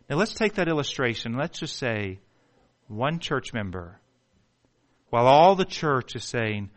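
A man preaching a sermon with passion, swinging from hushed pleading to near shouting and stumbling over words when worked up. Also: medium pitch, sing-song, normal speed. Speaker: pastor.

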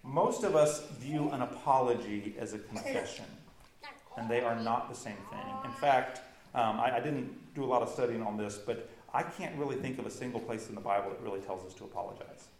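A man's voice: mid-range voice, a little fast, roomy sound, a little hiss or hum, poor audio. A man preaching a sermon as pastor, earnest and emphatic, building intensity as he makes his points.

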